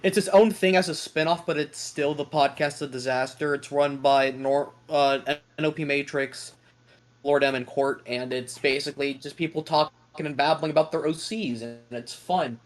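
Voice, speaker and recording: A man's voice: fairly high pitch, fairly even intonation, normal speed. A young man hosts a casual online podcast, joking around and rambling through questions in a self-deprecating way. He talks over a remote call mic. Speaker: podcast host.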